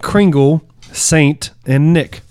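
A man's voice: fairly high pitch, extremely slow, a little mellow, clear, resonant tone, dry recording, clean studio sound. A man telling stories in a casual group chat, laid-back and swearing freely.

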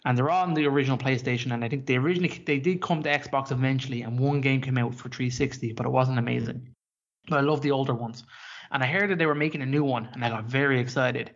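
Talking fast in a mid-range voice, a man co-hosts a podcast, wandering through a relaxed conversation full of swearing. The recording has a dull, lo-fi podcast quality.

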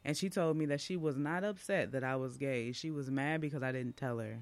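A man's voice: medium pitch, brisk, no room sound. A man, casually telling a personal story as a podcast speaker, chatty and full of asides. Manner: chatty, warm-hearted, with asides and fillers.

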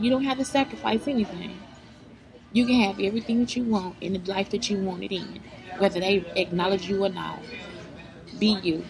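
With a gravelly mid-range voice, a woman delivers preachy life advice straight to her viewers, blunt and full of profanity as she motivates them. The audio quality is poor.

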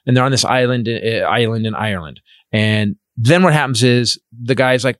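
A man hosting a casual comedic chat, rambling and animated, acting out the people he talks about. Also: mid-range voice, a little fast, dry recording, clean studio sound.

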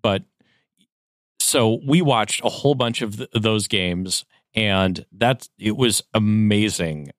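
A man's voice: on the low side, slow pace, dry recording, studio quality. A man co-hosting a casual podcast, telling a rambling anecdote with self-corrections. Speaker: podcast co-host. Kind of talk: casual chat, storytelling.

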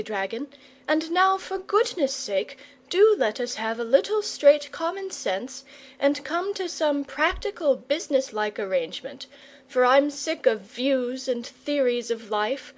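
A woman's voice: high voice, pitched above the performer's own voice. A woman voicing an eager, bossy young boy in a storybook reading. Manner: brisk and impatient.

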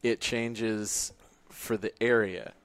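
A man with a low voice firmly corrects someone's statistics, emphatic and insistent. He keeps the tone casual, as in a studio debate. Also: flat delivery, slow, fairly bright tone, clean tone, no room sound. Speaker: station weather reporter.

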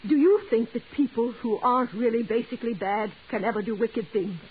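Frantic jealous wife, old radio drama, pleading and breathless, thin phone-like sound. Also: female voice, on the high side, a little fast, breathy edge. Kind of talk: 1940s radio acting. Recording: tinny old radio broadcast with hiss.

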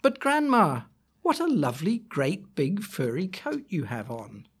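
A man voicing a bold, sweet little girl in a storybook reading, high and sing-song. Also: wildly swooping pitch, measured pace, husky, full character voice.

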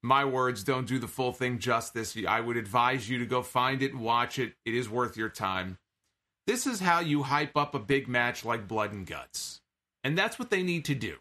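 A man talks through a wrestling show in a loose, opinionated podcast recap. His voice is bright and forward, sitting at an ordinary middle pitch. He speaks conversationally and often quotes lines from the show. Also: expressive, normal speed. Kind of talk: casual show recap commentary.

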